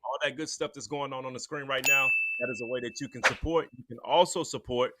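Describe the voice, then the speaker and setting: A male podcast co-host in a casual sports chat, easygoing and quick to joke. He chimes in often with short, relaxed replies. His voice sits in an ordinary middle pitch. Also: very noisy. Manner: joking, easygoing, chiming in.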